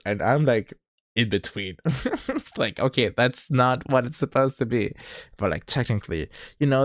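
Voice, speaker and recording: Lively young man with a German accent. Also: mid-range voice, no room sound, clean studio sound. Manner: rambling, with frequent restarts and bursts of laughter. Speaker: streamer. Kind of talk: casual livestream chat.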